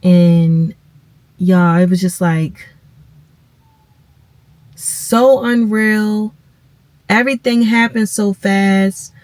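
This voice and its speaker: A woman, tearfully telling viewers a personal story, halting and calling them y'all. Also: mid-range voice, fairly even intonation, a little mellow, dry recording. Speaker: vlogger. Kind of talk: emotional personal storytelling to camera.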